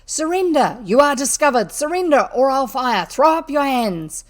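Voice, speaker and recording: A woman voicing a genial, shabby gentleman robber in a storybook reading, with a jaunty, theatrical manner. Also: medium pitch, normal speed, close to an everyday voice. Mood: shouting. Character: shabby gallant man, genial reformed robber.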